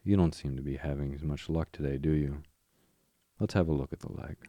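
A clever male water rat urges his friend on eagerly in a bedtime tale, voiced by a man. The voice is deep and dark, close and dry. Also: fairly quick, no room sound. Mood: kindly. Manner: eager and impatient. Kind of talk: bedtime story reading.

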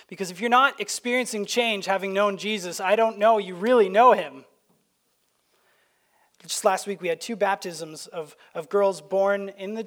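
A man from Canada preaching a sermon to his church, conversational and anecdotal, with frequent restarts. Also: high voice. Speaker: pastor. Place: church sanctuary.

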